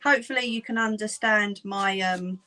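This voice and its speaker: On a low-quality recording, a chatty Cockney woman talks to viewers while sewing during her livestream, often breaking into laughter. Her mid-range voice has a sharp tone, fairly even intonation and a normal speed.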